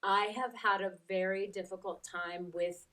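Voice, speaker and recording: A woman's voice: mid-range voice, steady tone, unhurried, pushed and bright, far from the mic. Candid woman life coach, a bit off-mic. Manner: candid storyteller, acts out quotes, laughs easily. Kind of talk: casual chat.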